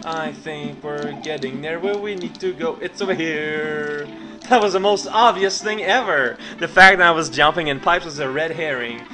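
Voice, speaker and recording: A man's voice: fairly high pitch, moderate pace. Wry man narrating a video game. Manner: wry, sarcastic asides. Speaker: let's play host. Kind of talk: let's play commentary. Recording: game music clearly behind voice. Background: game music.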